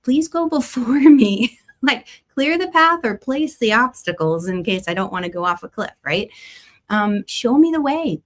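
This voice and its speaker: Chatty woman hosting a spiritual livestream. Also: mid-range voice. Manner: warm, chatty, laughs often, greets live viewers. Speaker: astrology host. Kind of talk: livestream spiritual guidance talk.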